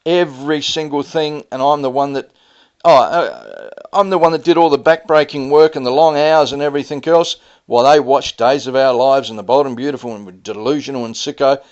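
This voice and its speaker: A man's voice: mid-range voice, a little fast. Aggrieved rambling man. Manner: aggrieved, rambling, often heated. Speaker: vlogger. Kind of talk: personal storytelling vlog. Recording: dull lo-fi audio.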